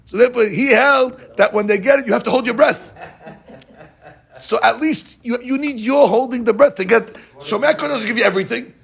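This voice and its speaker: A man teaching a lively religious text class, asking his students questions and reading passages out quickly. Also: very high voice, gravelly, slightly rough. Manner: animated, questioning the class, reads Hebrew text fast. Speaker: rabbi teaching a Talmud class. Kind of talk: Talmudic lesson, mixing English and Hebrew.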